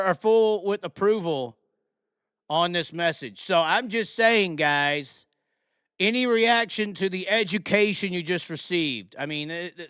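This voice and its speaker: Sarcastic ranting man, high and smooth. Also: a bit bright, no echo, clean studio sound. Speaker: live stream host. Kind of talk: live call-in chat show.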